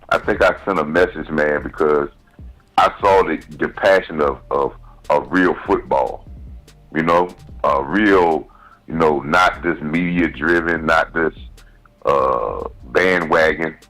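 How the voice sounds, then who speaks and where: Very deep-voiced man, halting caller. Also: fairly bright tone, soft background music, poor audio. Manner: halting, restarts and repeats words. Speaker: caller, a fellow fan. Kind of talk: casual phone-in chat.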